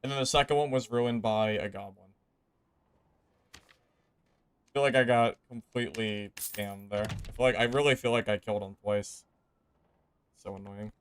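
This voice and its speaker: A man's voice: mid-range voice, steady tone, moderate pace, long pauses, fairly bright tone, clear, resonant tone. A man streaming a video game, ranting about his gameplay in exasperated, frustrated commentary.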